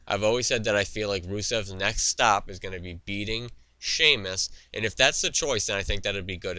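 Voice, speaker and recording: Deep-voiced opinionated man ranting. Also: pushed and bright, smooth, dry recording. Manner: opinionated, rambling with fillers and restarts. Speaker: wrestling show host. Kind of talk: solo opinion commentary. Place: studio.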